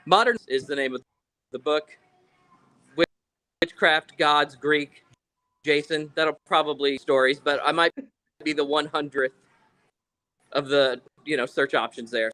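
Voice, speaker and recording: A man's voice: a little high, steady tone, a little slow, long pauses, bright, forceful tone, rough recording. A man chatting casually as a guest over a phone, easygoing and rambling. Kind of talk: casual chat.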